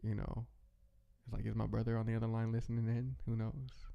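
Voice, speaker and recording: A man hosting a casual, rambling monologue, talking in a relaxed way with many restarts. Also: on the low side, a little fast, gravelly, highs cut off. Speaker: host.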